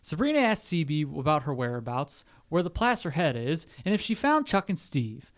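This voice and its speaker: A man co-hosting a casual podcast, reading a plot summary and tossing in jokes as he goes. His voice sits a little high and moves through a wide, lively pitch range. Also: moderate pace. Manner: reads plot summary with jokey asides. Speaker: podcast co-host recapping an episode. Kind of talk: casual recap chat.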